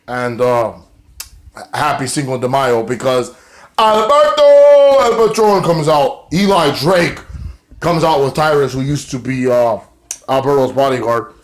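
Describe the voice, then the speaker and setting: Casual male wrestling reviewer, mid-pitched, loose and rambling, swears freely. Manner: rambling, many fillers, swearing. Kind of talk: casual recap vlog.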